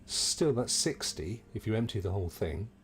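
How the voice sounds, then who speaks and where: A man's voice: lowish voice, expressive, moderate pace, a little hiss or hum. A middle-aged man, chatting jokily to viewers while playing a video game. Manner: chatty and jokey, talks to viewers. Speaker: game streamer. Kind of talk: casual let's-play commentary.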